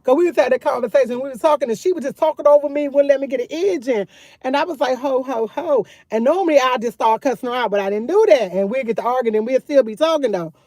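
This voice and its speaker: A talkative woman, speaking in a somewhat high voice. She chats candidly and loosely on a phone live stream from outdoors, circling back to the same points. The sound is dry and close, with little room around it. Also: fast talker, a little mellow, dry recording. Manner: candid, talkative, repeats herself. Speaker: vlogger live-streaming to chat. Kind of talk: casual live-stream chat.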